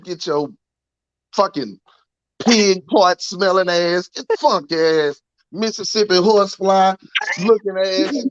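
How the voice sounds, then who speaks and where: A man's voice: sits high, takes it slowly, no echo, highs cut off. A man calling in to fire off a long string of profane roasting insults at someone. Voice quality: animated, insult-slinging, profane.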